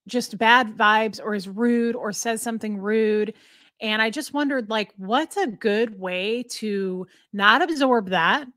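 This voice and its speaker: A woman's voice: on the high side, a bit bright, dry recording. Woman host, casual stream chat, chatty storyteller, dry close sound. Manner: chatty, storytelling, cooing to her dog. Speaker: livestream host. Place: home.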